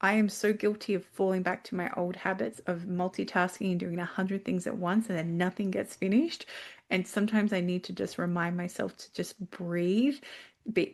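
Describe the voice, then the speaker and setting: Middle-aged woman chatting on a panel, very expressive, gets animated when she tells stories. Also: mid-range voice. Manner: expressive, emotional, animated storyteller. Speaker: guest speaker. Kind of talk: casual panel discussion.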